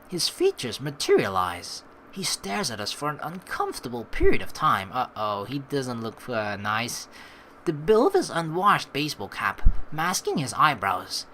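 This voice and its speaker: A woman's voice: low-pitched, sharp tone, slight background noise, poor audio. A woman hosting a let's play, reading a visual novel aloud and breaking off into sarcastic, swearing asides.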